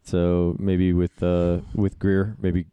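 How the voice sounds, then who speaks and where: A man's voice: low voice, monotone, takes it slowly, dark tone, smooth, no echo, highs cut off. A man co-hosting a casual podcast, tossing in dry jokes and short agreeing replies. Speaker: podcast co-host.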